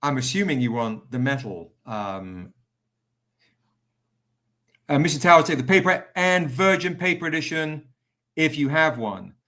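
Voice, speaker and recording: A man's voice: on the high side, expressive, a little slow, pauses often, sharp tone. Upbeat man hosting a comics livestream. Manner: upbeat, chatty, greets viewers by name. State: tired, recovering. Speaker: livestream host selling comics. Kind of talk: casual live-stream sales pitch.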